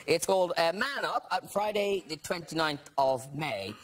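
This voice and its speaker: A man's voice: fairly high pitch, expressive, moderate pace, fairly bright tone. A man hosting a talk show, interviewing guests in a teasing, jokey manner.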